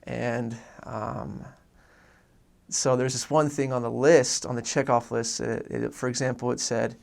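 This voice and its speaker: A young man from Oregon shares his personal faith story casually and earnestly, wandering through many restarts and fillers. His voice sits at medium pitch with little variation, creaky and somewhat dark in tone, and he keeps a measured pace.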